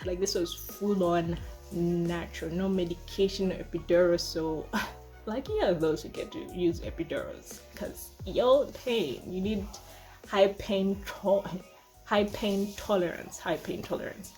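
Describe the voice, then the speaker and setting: A woman in her twenties telling a personal story to camera in a casual, chatty way, full of fillers and lively re-enactments. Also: fairly low pitch, measured pace, soft background music. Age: 20s. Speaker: vlogger.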